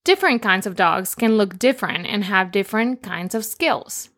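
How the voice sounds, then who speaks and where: A woman co-hosting a children's lesson, teaching simple Spanish words and telling playful jokes in a slow, cheerful voice. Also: mid-range voice, lively intonation, fairly bright tone.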